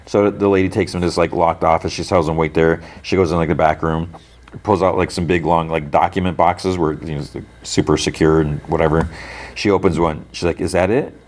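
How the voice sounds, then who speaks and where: A man's voice: sits low, fairly even intonation, fairly quick. A man hosting a podcast, casually retelling scenes from a show with lots of fillers and quoted lines. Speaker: podcast host. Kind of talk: casual plot recap.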